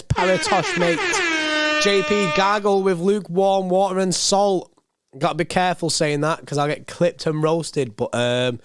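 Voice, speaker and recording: Hoarse laid-back young man. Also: medium pitch, no room sound, studio quality. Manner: laid-back, rambling, repeats himself. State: hoarse, voice going. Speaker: football channel host reading live chat. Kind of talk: casual live-stream chat.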